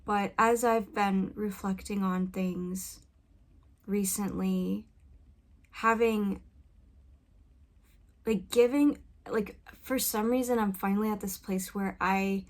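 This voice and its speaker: A woman's voice: medium pitch, fairly even intonation, slow, pauses often. A woman musician talking reflectively in a personal vlog, hesitant and searching for her words, recorded on a studio mic in a home vocal booth. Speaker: musician and video creator. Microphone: studio condenser mic with pop filter.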